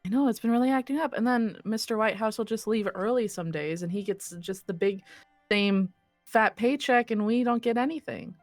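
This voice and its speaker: Young woman, game master, chatty, quick, laughs often, dry close sound. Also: fairly high pitch, no room sound, soft background music. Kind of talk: narrating a tabletop game.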